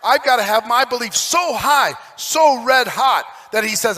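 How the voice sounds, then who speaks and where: A man giving an emphatic, preachy stage talk to a live audience as a motivational speaker, at times rising to shouts. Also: very high voice, expressive, a little slow, few pauses. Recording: echoey hall recording.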